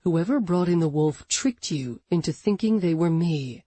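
A woman doing a growling, gruff man. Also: on the low side, lively intonation, moderate pace, warm tone, no echo. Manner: growling, barking. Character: gruff commanding adult man, quick-tempered.

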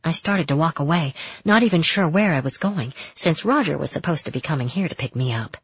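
A woman narrating a first-person romance story in a steady, intimate way. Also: low-pitched, slightly rough, dry recording. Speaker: audiobook narrator. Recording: dull, muffled audio.

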